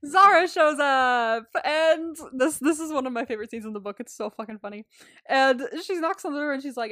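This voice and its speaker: A woman's voice: sits high, moderate pace, a bit bright, no room sound, clean studio sound. A woman co-hosting a podcast, chatting casually and animatedly, swearing freely, laughing often and acting out quotes. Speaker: podcast co-host. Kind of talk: casual recap chat.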